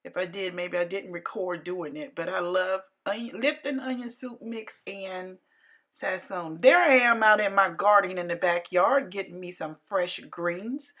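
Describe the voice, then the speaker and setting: A woman's voice: lowish voice, measured pace, fairly bright tone, poor audio. A woman, narrating her home cooking video in a homey, repetitive way. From Carolina, US. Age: 60s. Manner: homey, repeats herself, folksy grammar. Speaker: home cook.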